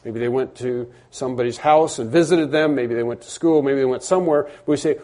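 Earnest preaching man with a warm voice. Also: medium pitch, a little fast. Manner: earnest, repeats and restarts for emphasis. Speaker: pastor. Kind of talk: sermon.

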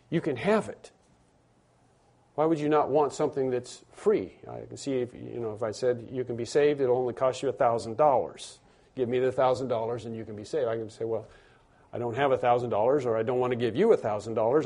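Mellow-voiced man preaching a sermon. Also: medium pitch. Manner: conversational preaching with repetitions and restarts; rises to emphatic stressed phrases. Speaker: pastor.

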